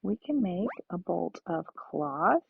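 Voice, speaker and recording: A woman's voice: lowish voice, very animated, slow, vocal fry, husky, dry recording. A woman streaming a farming game, chatting and thinking aloud to her viewers. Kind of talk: casual let's-play chat. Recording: dull lo-fi stream audio.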